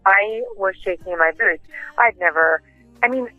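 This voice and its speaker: A woman interview guest telling lively anecdotes and acting out what others said, heard down a tinny phone line. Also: medium pitch, normal speed, dry recording, soft background music. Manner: lively anecdotes with acted-out quotes. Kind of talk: casual interview storytelling.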